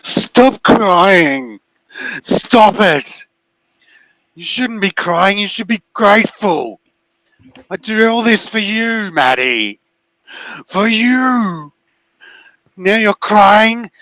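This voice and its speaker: A man voicing a clingy, menacing unseen male creature with a booming voice in a tabletop game, pleading and possessive in slow, drawn-out lines. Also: animated, pushed and bright, no room sound, full character voice, rough recording.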